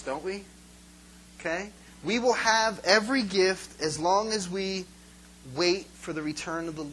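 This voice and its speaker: A man's voice: fairly high pitch, slight background noise, low-quality recording. A man preaching a sermon with energy, calling out questions for the congregation to answer. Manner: energetic, call-and-response with congregation.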